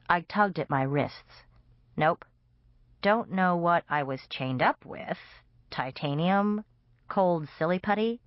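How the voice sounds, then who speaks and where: A woman's voice: lowish voice, no echo. A woman narrating a comic vampire novel in first person, with a wry storytelling manner. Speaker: audiobook narrator. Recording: dull, dry audiobook recording.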